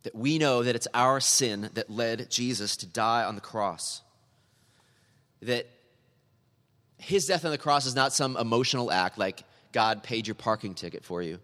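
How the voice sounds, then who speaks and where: A man's voice: mid-range voice, measured pace, a bit bright, big-room sound. A man preaching a sermon in a church, earnest and building to emphatic, repeated appeals. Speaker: pastor.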